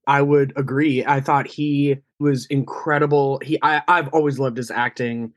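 A man's voice: medium pitch, little pitch movement, moderate pace, no room sound. Effusive man gushing about actors. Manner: effusive, stumbling restarts. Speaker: podcast co-host. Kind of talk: casual movie review chat.

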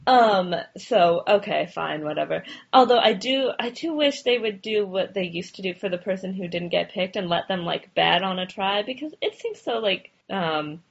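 A woman's voice: mid-range voice, animated, normal speed, vocal fry, few pauses. A woman co-hosting a podcast in casual chat, talking loosely with many fillers and frequent laughs. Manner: chatty, filler-heavy, laughs often. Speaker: podcast co-host. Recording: dull lo-fi audio.

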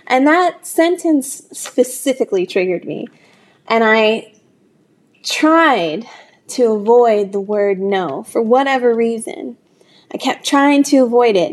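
A woman who owns a small salon tells a personal story in a candid, conversational way with halting restarts. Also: a little high. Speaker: small business owner, salon owner. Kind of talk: storytelling talk.

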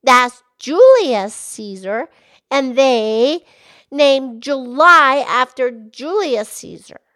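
A woman voicing a cheerful, excitable young pig who hosts a children's podcast, talking with eager bursts of excitement. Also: sits high, very slow, exaggerated voice. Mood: explaining. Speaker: podcast host.

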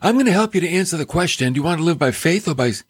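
A man hosting a radio Bible teaching from a studio, folksy and animated, with joking asides. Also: on the high side, rapid-fire, slightly rough, no room sound. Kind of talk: radio sermon.

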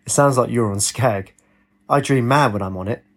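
Male reader as a worn, one-armed ex-Marine living rough: gravelly, husky, blunt and cynical. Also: medium pitch, moderate pace, a bit bright. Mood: wary.

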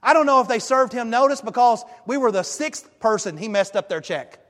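A male pastor preaching a sermon and telling a story in a lively, emphatic way. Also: extremely high pitch, fairly quick, long reverb tail. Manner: animated storytelling, emphatic rises. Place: church sanctuary.

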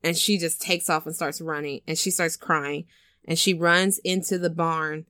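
A woman's voice: low voice, fairly even intonation, moderate pace, sharp tone, smooth, dry recording, clean studio sound. Chatty woman retelling a story. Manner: chatty storyteller, many "like"s, acts out scenes. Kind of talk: casual chat recapping a film.

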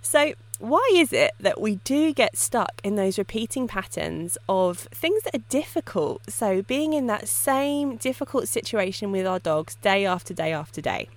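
A woman hosting a casual solo podcast on dog training, telling stories in a lively way and often laughing. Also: mid-range voice, unhurried, hardly any pauses. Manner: lively storytelling with frequent laughs.

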